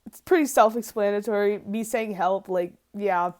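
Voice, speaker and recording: A young adult woman talking through her sketchbook in a casual vlog, rambling and excitable, laughing often and swearing casually. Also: medium pitch, normal speed. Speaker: art student vlogger.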